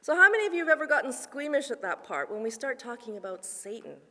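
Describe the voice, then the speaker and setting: A woman pastor preaching a sermon, telling a story with lively asides and hushed, quiet narration. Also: fairly high pitch, quick pace. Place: church sanctuary. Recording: long reverb of a church hall.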